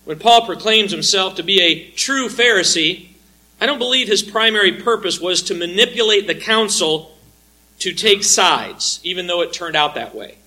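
A man delivers an expository sermon in a high, brilliantly bright voice. He speaks earnestly and deliberately, rising on his emphatic points and dropping low as he drives each thought home. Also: animated, poor audio. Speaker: preacher. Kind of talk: expository sermon with scripture reading.

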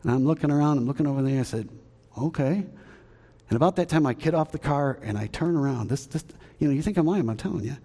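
A middle-aged man with a Southern American accent, preaching as a pastor and telling a story with acted-out shouts and sounds. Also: fairly high pitch, rapid-fire, big-room sound. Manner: animated, acts out shouts and sounds, chuckles at his own jokes. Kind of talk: storytelling sermon. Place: church sanctuary.

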